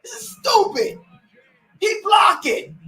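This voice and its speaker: A woman hosting a live game watch-along, loudly and exasperatedly ranting at the referees. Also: very high voice, big pitch swings, slow.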